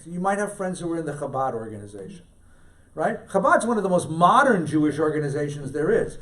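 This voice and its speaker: A middle-aged man with a high, very lively voice gives a storytelling lecture as a rabbi. He keeps repeating his key lines for weight and throws in jokey asides. He is picked up from some distance in a synagogue hall.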